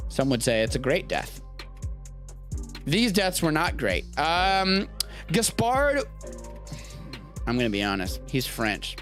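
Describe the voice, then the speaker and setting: An American man hosting a live-streamed show, chatting casually in a rambling, jokey way. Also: mid-range voice. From United States. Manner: rambling, animated, jokey asides. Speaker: podcast host.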